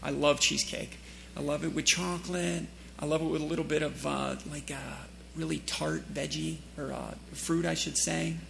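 A man's voice: fairly high pitch, flat delivery, moderate pace, vocal fry, fairly bright tone, a little hiss or hum. A man preaching a sermon in a church. He reads scripture aloud, asks the congregation questions and makes joking asides.

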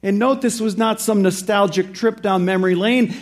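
A male pastor preaching a sermon. He slows and rises in emphasis on key phrases and drops low and quiet for reflective points.

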